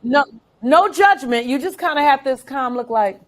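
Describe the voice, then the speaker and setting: A woman guest in a casual interview, telling stories with lively, acted-out quotes and frequent laughter. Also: sits high, moderate pace. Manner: animated storyteller, acts out quotes.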